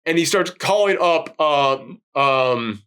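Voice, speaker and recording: A man co-hosting a film review podcast, talking in excited casual chat, swinging between loud outbursts and low voices when he quotes characters. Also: takes it slowly, clear, resonant tone.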